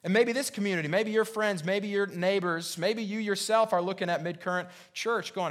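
A man's voice: sits high, moderate pace, hardly any pauses. A man preaching a sermon as pastor, earnest and repetitive, full of rhetorical questions and stammered restarts. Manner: frequent restarts and stammered repeats.

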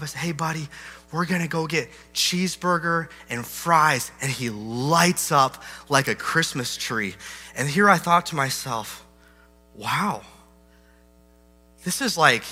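Bright-voiced man preaching in a hall. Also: fairly high pitch. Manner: storytelling, self-deprecating, animated. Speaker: pastor. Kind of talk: sermon illustration with humor. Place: large church hall. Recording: hall reverb with faint music.

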